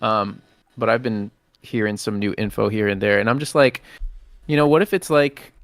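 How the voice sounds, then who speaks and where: A man's voice: lowish voice, normal speed, fairly bright tone, dry recording. A man co-hosting a live podcast, chatty and hedging with lots of fillers. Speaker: podcast co-host. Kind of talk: casual live podcast chat.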